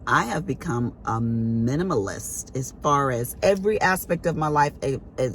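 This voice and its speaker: A middle-aged woman telling family stories to her viewers in a casual vlog, acting out what she said to her grown kids with sharp exclaimed quotes. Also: very deep voice, animated, moderate pace, slight background noise. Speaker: vlogger. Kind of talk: casual chat to camera.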